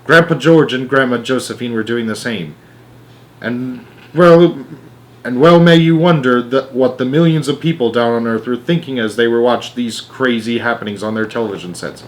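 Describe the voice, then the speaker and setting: A man reading a children's storybook aloud. His voice has a medium pitch, and he narrates with expressive, animated delivery. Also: moderate pace.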